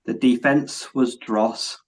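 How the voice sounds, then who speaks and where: A British man on a podcast reciting comic rhymes in a slow, halting way. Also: mid-range voice, fairly even intonation, a little hiss or hum. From England. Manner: slow, halting, self-correcting. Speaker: podcast co-host.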